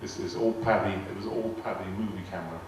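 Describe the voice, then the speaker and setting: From far off in a big, echoing arts hall, an older male guest speaker with a lowish voice stumbles and repeats himself while telling stories to a live audience. He speaks fast with fairly even intonation, rambling and acting out quoted dialogue. Faint noise and audience laughter come through the distant mic.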